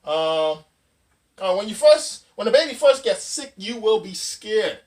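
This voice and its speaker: A man in his thirties hosts a casual dad-advice vlog, rambling chattily through a countdown list with lots of fillers and loose restarts. His voice sits high and sounds very animated, unhurried and a little mellow. He's somewhat far from the mic.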